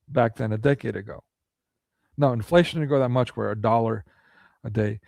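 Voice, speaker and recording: Gravelly man ranting indignantly. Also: medium pitch, normal speed, a little mellow, no echo. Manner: indignant, full of rhetorical questions. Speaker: political commentary vlogger. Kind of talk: ranting monologue commentary.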